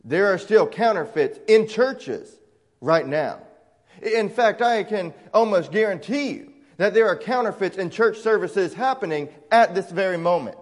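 A man's voice: high voice, expressive, a little slow. A man with a Southern American accent, preaching an emphatic sermon as a pastor. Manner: emphatic preaching, voicing imagined objectors. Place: church sanctuary. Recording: long church reverb.

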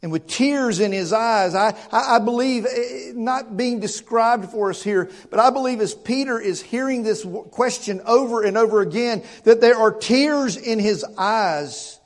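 A man with a notably high speaking voice delivers a church sermon. He preaches earnestly and emphatically, stumbling over repeated words and pressing the congregation with rhetorical questions. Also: a little slow, few pauses. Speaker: pastor.

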